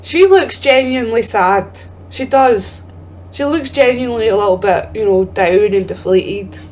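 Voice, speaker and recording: Woman, higher-pitched voice, playful let's-play chatter, faint hum behind. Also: a little slow, a little mellow. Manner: giggly, chatty and self-mocking. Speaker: game streamer.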